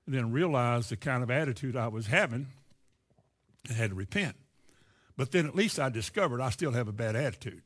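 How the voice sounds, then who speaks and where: A man's voice: medium pitch, animated, fairly quick, slightly rough. A man with a Kentucky accent preaching a sermon in a folksy, earnest way, acting out the voices he quotes.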